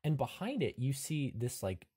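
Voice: medium pitch, big pitch swings, normal speed, dark tone, husky. A game master narrating a tabletop game, hesitant and full of fillers.

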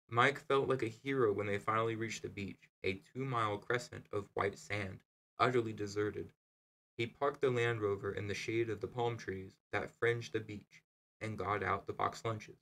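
A man reading a novel aloud in steady, measured narration. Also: fairly low pitch, vocal fry, poor audio. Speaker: reader.

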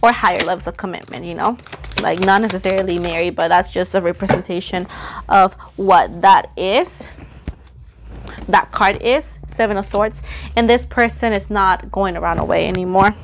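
A playful woman reading tarot cards for her viewers in a relaxed, chatty way. Her voice sits at a middle pitch and she teases and laughs easily. A faint hiss of noise sits under the recording. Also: normal speed. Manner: chatty, playful, teasing and excitable. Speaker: tarot reader. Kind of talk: casual tarot reading to camera.

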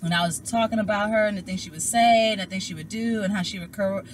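A young woman, a tarot reader, casually telling viewers a personal story, animated and emotional, and calling them y'all. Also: medium pitch, quick pace, a little hiss or hum.

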